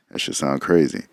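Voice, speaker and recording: A man's voice: a bit bright, no room sound, clean studio sound. A man giving a casual, profane lecture on old texts, reading passages aloud and musing bluntly as he goes. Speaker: occult lecturer.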